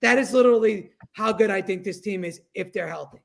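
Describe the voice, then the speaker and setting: A man co-hosting a casual sports chat over a remote call, excitable and blunt, swearing freely. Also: high voice, fairly quick, creaky. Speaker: co-host.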